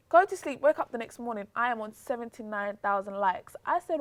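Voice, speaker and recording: A woman's voice: fast talker, few pauses. A young British woman, a guest telling a story in casual chat, acting out the voices of the people she quotes. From Britain. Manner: animated, acts out quotes with pitch jumps. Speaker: interview guest.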